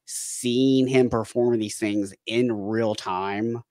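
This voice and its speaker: A man with a fairly low voice, chatting as a habit coach on a podcast. He talks in a relaxed, conversational way, with lively bursts where he mimics his own worried inner voice. The sound is close and dry, with no room echo. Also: slow pace. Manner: animated storytelling, acting out panicked inner voices; frequent restarts and repeated words. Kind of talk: casual conversational interview.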